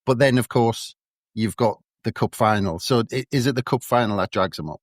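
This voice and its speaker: A man hosting a casual football podcast, relaxed and teasing, with hesitant fillers. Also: medium pitch, brisk, no room sound, clean studio sound. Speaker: podcast host.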